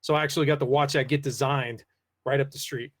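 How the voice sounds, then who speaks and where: A man's voice: medium pitch, steady tone, fast talker, a little hiss or hum. A man hosting a casual live podcast, rambling with lots of fillers as he reads the chat aloud. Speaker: podcast host.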